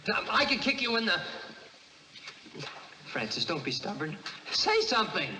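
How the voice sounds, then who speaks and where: Brief: flustered naive young man, high and lively, on a noisy old film soundtrack. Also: moderate pace. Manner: stammering, nervous.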